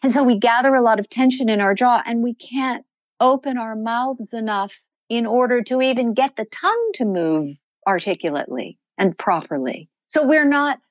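An older woman who works as a voice coach speaks in a podcast interview, her voice on the high side. She is expressive, moving her pitch up and down to demonstrate voices as she explains. The recording has no echo, and the highs are cut off.

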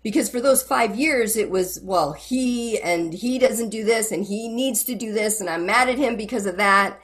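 Frank, earnest woman with a higher voice. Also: moderate pace. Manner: earnest and frank, retells conversations with animated quoting. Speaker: guest who counsels wives in a church. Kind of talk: candid interview conversation.

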